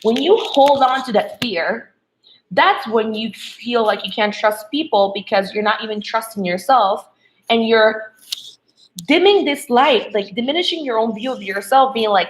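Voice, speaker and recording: A woman speaks at a normal pace in a slightly high voice, and the recording quality is poor. She's a love coach delivering a motivational spiritual talk to women, checking in with "okay?" and "right?" along the way.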